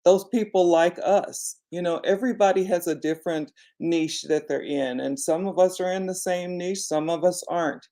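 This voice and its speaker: A woman with a low, gravelly voice talks to the camera as an online business coach. Her tone is mellow and unhurried. She encourages her viewers directly and fills her sentences with "you know.". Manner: conversational, frequent "you know" fillers. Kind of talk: casual reflective vlog talk.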